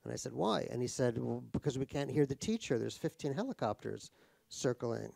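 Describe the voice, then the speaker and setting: An American author appears as a guest in an onstage conversation at a cultural center, telling anecdotes with wry, profane, self-mocking humor. His mid-range voice is a little fast, creaky and dark-toned, with no room sound.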